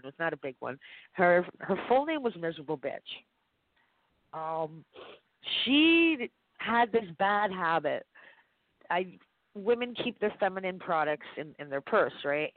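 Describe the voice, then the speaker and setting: A woman co-hosting a podcast, telling stories in a lively, chatty way and laughing often. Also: lowish voice, no room sound. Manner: animated storyteller, laughs often. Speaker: podcast co-host. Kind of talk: casual chat. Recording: dry tinny phone-like sound.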